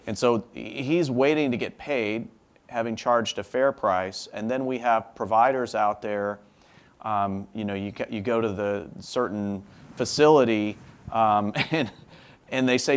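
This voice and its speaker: A man's voice: lowish voice, measured pace, smooth. A man on a policy panel who files legislation, talking earnestly with many fillers and restarts. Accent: Texan. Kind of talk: panel discussion.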